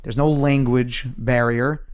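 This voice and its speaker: Man, podcast co-host, reflective, unhurried, mid-pitched voice. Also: fairly even intonation, smooth. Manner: reflective, speaks of faith, unhurried. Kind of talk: reflective interview talk.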